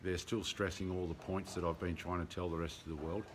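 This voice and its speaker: Low-voiced Australian man, noisy home video. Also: little pitch movement, a little fast. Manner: rambling and earnest, many ums, blunt and sweary. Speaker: vlogger keeping a lockdown diary. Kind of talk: casual video diary.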